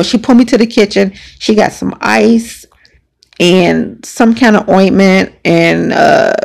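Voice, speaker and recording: A woman's voice: medium pitch, gravelly, a little mellow. A woman hosting a podcast, telling a personal story in a casual, emphatic, conversational way. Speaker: podcast host.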